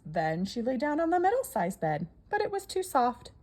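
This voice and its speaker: A woman reading a children's story aloud in an expressive, sing-song storybook manner. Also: high-pitched, moderate pace.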